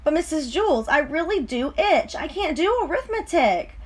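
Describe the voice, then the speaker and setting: A woman's voice: high voice, measured pace, a bit bright, pitched above the performer's own voice. A woman voicing a whining, complaining schoolgirl in a storybook reading. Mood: whiny. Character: whiny itchy schoolgirl.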